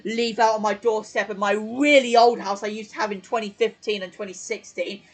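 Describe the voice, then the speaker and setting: A male streamer chatting at home into a desk mic, giving casual commentary on his old videos. He rambles along, piling up fillers and restarts, with a fairly high voice for a man. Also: steady tone, a little fast, low-quality recording. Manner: rambling, lots of fillers and self-corrections. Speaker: channel host.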